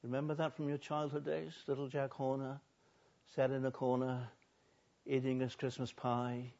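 An older man, a pastor, preaching a sermon, swinging between soft and loud and drawing out words for emphasis. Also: medium pitch, little pitch movement, moderate pace. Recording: dull lo-fi recording.

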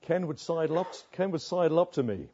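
A man's voice: on the high side, lively intonation, brisk, mellow, lo-fi sound, a little hiss or hum. An older man preaching a sermon as pastor, earnest, often asking rhetorical tag questions.

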